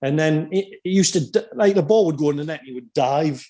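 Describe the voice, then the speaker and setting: A man hosting a podcast, telling lively casual stories about former teammates with quoted asides. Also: fairly high pitch, quick pace. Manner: animated anecdotes with quoted asides. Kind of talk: casual storytelling chat.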